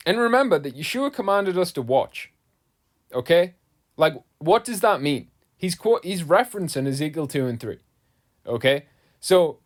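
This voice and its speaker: A man, preaching casually to camera as an online Bible teacher, rambling and conversational. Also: fairly high pitch. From England. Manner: rambling, conversational, heavy use of "like" and "you know".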